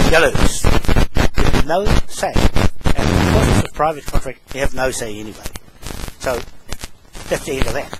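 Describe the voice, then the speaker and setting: Furious swearing New man, noisy. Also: fairly high pitch. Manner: confrontational, swearing, repeats "right?" often. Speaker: self-declared land owner and chief. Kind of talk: angry rant to camera. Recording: loud background noise.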